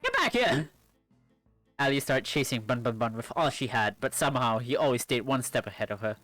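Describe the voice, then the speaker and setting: A man streaming a visual novel, reading its narration with lively asides. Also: mid-range voice, fast, soft background music. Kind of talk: visual novel read-aloud.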